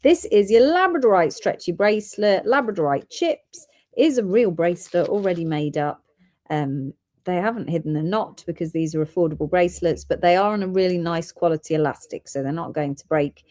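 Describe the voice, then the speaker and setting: Woman, live sale host, chatty, reads codes, lowish voice. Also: brisk, warm tone.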